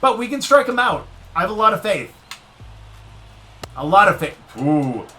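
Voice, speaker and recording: A man with a fairly high, bright voice, commentating a baseball video game in a casual let's-play style. He swings his pitch all over as he talks to the game, cheering and groaning along with every pitch, with soft music underneath. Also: big pitch swings, moderate pace. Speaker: gaming video creator.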